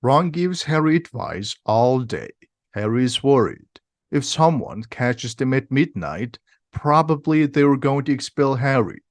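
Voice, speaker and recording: A man's voice: medium pitch, expressive, measured pace, no room sound, clean studio sound. Man steadily reading a simplified storybook. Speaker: audiobook reader.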